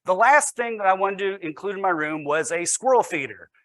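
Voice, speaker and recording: A man's voice: high-pitched, animated, fairly quick, bright, forceful tone, dry recording. A man, a teacher, giving a storytelling presentation with wry, self-deprecating humor.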